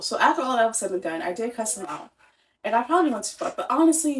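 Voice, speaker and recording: A young woman vents about her week, frustrated and talking it through out loud. She keeps restarting her sentences and leans on "like" as she goes, all in a loose, everyday storytelling way. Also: fairly high pitch, big pitch swings, quick pace, a little hiss or hum, rough recording. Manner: exasperated, talks in restarts with lots of "like". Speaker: vlogger telling a personal story. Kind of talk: casual storytelling rant.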